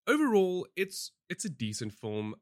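A man co-hosting a podcast, reviewing films and shows in a casual, animated way, with lots of fillers and restarts. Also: high voice, normal speed, no room sound, studio quality.

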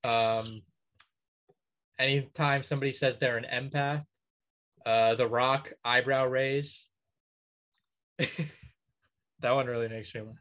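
A man in casual podcast chat, working through a long list out loud. He fills the gaps with ums and uhs and laughs lightly at his own picks. His voice sits at an ordinary middle pitch. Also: steady tone, takes it slowly, long pauses. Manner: rambling list with many ums, chuckling. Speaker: podcast co-host.

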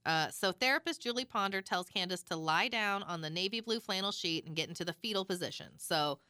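A woman's voice: medium pitch, brisk, bright, forceful tone, smooth, no room sound, studio quality. A woman co-hosting a podcast, recounting a true crime transcript in casual chat with lots of "like" and "um.". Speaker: podcast co-host.

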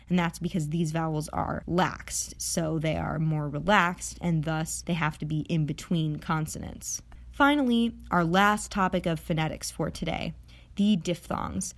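Young female podcast host, lowish voice, friendly teacher, playful asides, drawn-out sample sounds. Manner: chatty, playful asides, slows to model sounds. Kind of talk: educational podcast lesson. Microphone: audio-only podcast recording.

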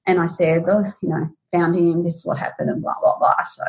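Woman in her 40s telling her story on a podcast, halting and emotional, lots of restarts. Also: on the low side, flat delivery. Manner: acts out quoted lines in a raised voice. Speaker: guest. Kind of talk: personal story in a podcast interview.

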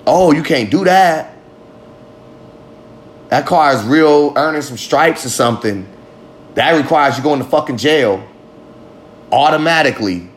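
A man's voice: a little high, expressive, a little slow, pauses often. A man hosting a podcast, talking in a rambling, profane, emphatic monologue. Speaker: podcast host. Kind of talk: casual monologue.

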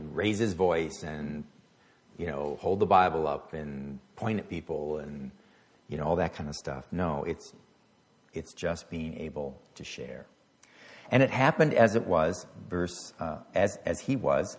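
Deep-voiced casual pastor preaching. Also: male voice. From United States. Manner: conversational, stumbling over words. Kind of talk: sermon.

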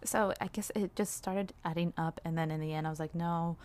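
A young woman talking candidly in a personal vlog, rambling a little, with frequent "like"s and soft laughs. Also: low-pitched, steady tone, fairly quick. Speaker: vlogger.

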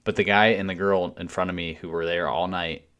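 A man with a very low voice tells a story on a podcast, blunt and loose, dropping swear words without a second thought. The delivery is relaxed, conversational and unpolished. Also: a little fast. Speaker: podcast co-host. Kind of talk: casual profane storytelling.

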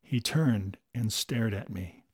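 A man's voice: slow, slightly rough, no echo, clean studio sound. Breezy man reading a comic story. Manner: breezy and chatty, with lively jumps in pitch. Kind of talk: audiobook reading of comic first-person fiction.

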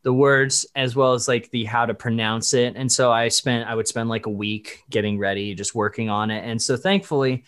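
A man's voice: medium pitch, steady tone, moderate pace, few pauses, a bit bright, clear, resonant tone. A man from the Dallas-Fort Worth area, a voice actor guest in a casual podcast interview, rambling and correcting himself as he goes. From Dallas-Fort Worth area, USA. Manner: rambling, stop-start, self-correcting, laughs often.

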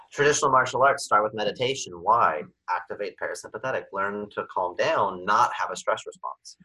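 Brief: lower-voiced man with a husky edge, animated podcast guest who breaks into little acted-out scenes. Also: moderate pace, rough recording. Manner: animated, acts out scenes with sudden louder, higher bursts. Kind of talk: podcast conversation.

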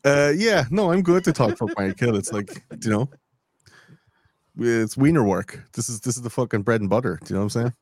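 A man's voice: medium pitch, animated, brisk, a little mellow, no echo, clean studio sound. A man guesting on a podcast, rambling through sarcastic, crude jokes. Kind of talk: crude casual banter.

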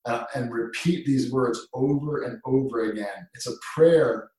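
A man who was a dean of students, telling stories in a casual chat, animated and swinging from hushed tones to loud bursts. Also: medium pitch, a little slow. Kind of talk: casual storytelling in conversation. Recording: echoey room, distant mic.

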